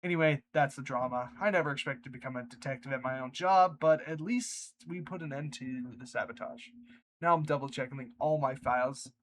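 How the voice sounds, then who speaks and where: A man's voice: mid-range voice, a little fast, a little hiss or hum, low-quality recording. A man reading online workplace stories aloud, breaking off for chatty reactions. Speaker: reddit story narrator.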